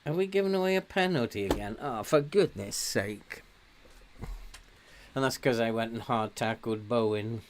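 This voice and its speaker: An Englishman talks over his own gameplay in a relaxed, grumbling way. He mocks himself and tells off the players on screen. His commentary is casual and unscripted. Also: mid-range voice, moderate pace, noisy background. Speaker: gaming commentator. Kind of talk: casual let's-play commentary.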